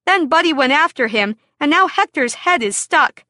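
A high, bright female voice reads a children's story, clear and expressive. She takes her time over each line. The sound is close and dry. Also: normal speed, no room sound.

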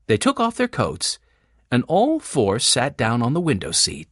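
A woman narrating a children's chapter book with a very lively, swooping delivery. Her clear storytelling voice sits close on the mic with a dry, dead sound. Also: a bass voice, measured pace, no room sound. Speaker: audiobook narrator.

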